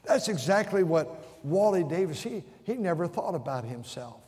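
A man's voice: fairly high pitch, animated, normal speed, a little mellow. A man pastor preaching a sermon, telling stories and acting out what people said, often restarting and repeating words. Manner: storytelling with vivid acted-out quotes. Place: church sanctuary. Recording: long church hall reverb.

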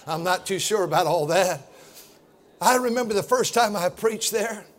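A middle-aged man preaching a fiery sermon as pastor, loud and boisterous, building to shouts. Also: high-pitched, lively intonation, normal speed.

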